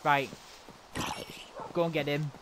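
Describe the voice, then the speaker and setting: Excitable man narrating gameplay. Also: fairly high pitch, takes it slowly, background noise. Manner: chatty and excitable, reacting aloud to the game. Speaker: gamer. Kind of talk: casual gameplay commentary.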